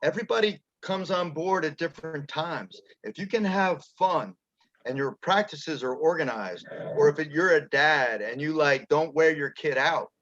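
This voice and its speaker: A high school baseball head coach in a casual panel discussion, giving encouraging advice and checking in with his listeners. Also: moderate pace, fairly bright tone. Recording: dull, muffled audio.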